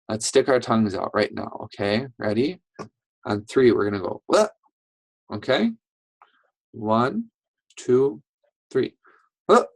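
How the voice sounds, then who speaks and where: Teacher, reading lesson for young children, slow, encouraging, patient, dry close sound. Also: medium pitch, no echo, rough recording. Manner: patient, encouraging, checks in with "right?" and "okay?". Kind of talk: online reading lesson for first graders.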